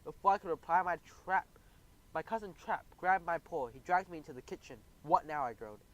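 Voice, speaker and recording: Brief: expressive male narrator for a kids' audiobook, slightly high voice, lively delivery. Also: a little fast, poor audio. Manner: animated, expressive. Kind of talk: first-person audiobook narration.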